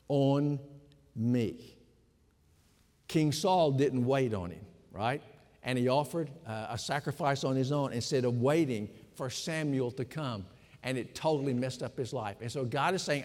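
Male pastor, measured emphatic sermon, slightly high voice, reverberant church hall. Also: a little mellow. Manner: slow, emphatic preaching with pauses.

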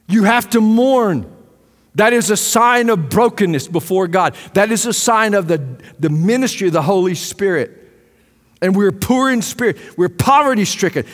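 A man preaching a sermon as pastor, impassioned, swinging between loud emphasis and hushed asides. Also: high-pitched. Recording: long hall reverb.

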